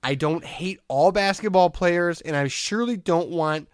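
A man hosting a podcast in casual chat, telling stories in a rambling, animated way and laughing often. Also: high voice, moderate pace, no room sound, clean studio sound. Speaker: podcast host.

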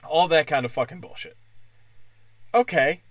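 A man doing crude stand-up, brash and profane, slipping into mocking high-pitched impressions and sounding a little tipsy. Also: lively intonation, normal speed, fairly bright tone, dry recording. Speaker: stand-up comic.

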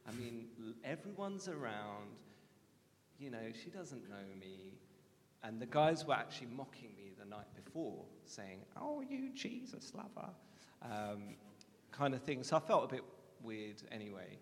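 A man's voice: mid-range voice, lively intonation, moderate pace, slight background noise. A man, a guest speaker, candidly telling a personal faith story in a self-deprecating way, recorded in a large reverberant hall.

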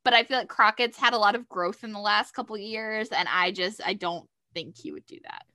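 A woman co-hosting a podcast, gushing excitedly as she retells TV scenes in casual chat. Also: medium pitch, brisk, no room sound, clean studio sound. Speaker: podcast co-host. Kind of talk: casual fan chat about a TV show.

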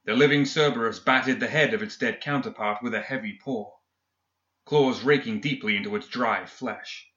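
Male audiobook narrator, steady storytelling, echoey room. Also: medium pitch, moderate pace, highs cut off. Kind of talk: scripted narration.

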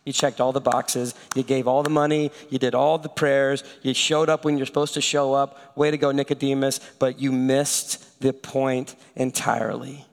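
A pastor plays a calm, earnest teacher who speaks slowly and bluntly, each word deliberate. His fairly high voice carries a long church reverb. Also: clear, resonant tone. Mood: gentle.

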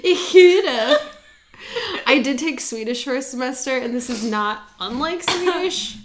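A woman's voice: sits high, animated, moderate pace, fairly bright tone. A woman co-hosting a podcast in casual chat, playful and self-deprecating, laughing a lot. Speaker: podcast co-host.

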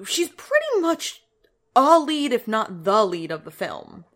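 A woman's voice: on the high side, wildly swooping pitch, measured pace. A woman hosting a podcast in casual chat, explaining details and adding dry asides. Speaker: podcast host.

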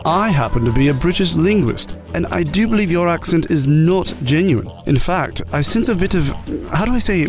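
A man's voice: fairly high pitch, lively intonation, moderate pace, over music, pitched above the performer's own voice, close to an everyday voice. A man voicing a pompous, fussy British linguist in a comedy ad.

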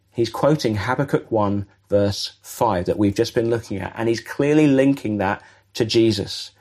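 A man giving a sermon in a conversational, animated way, acting out little dialogues as he explains a passage. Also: lowish voice, normal speed. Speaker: preacher.

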